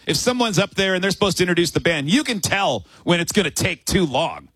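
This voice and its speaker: A man co-hosting a radio show, telling a story with lively acted-out quotes. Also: high-pitched, fast talker, slightly rough, no echo. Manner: animated storyteller, acts out quotes. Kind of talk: morning radio banter, storytelling. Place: radio studio on location at a bar.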